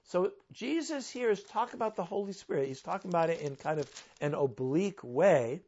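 A man's voice: sits high, animated, brisk, darkish tone. Conversational male preacher, dull lo-fi sound. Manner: conversational, asks rhetorical questions. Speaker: pastor. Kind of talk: sermon.

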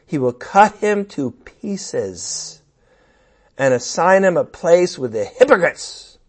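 A fairly high-pitched man preaches a sermon in a conversational, animated way, throwing in playful asides and sudden outbursts.

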